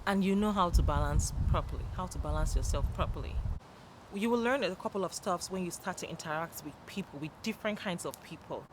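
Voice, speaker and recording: Upbeat chatty woman, traffic noise behind. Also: brisk. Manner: chatty and upbeat, laughs often, jumps into loud high greetings. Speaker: motivational YouTuber. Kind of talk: motivational talk to camera.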